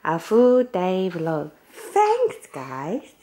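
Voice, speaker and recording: A woman's voice: fairly low pitch, huge pitch swings, very slow, dark tone. An Australian woman vlogging at home in a guest room, chatting into a handheld camera and using playful sing-song baby talk with her son. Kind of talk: casual home vlog.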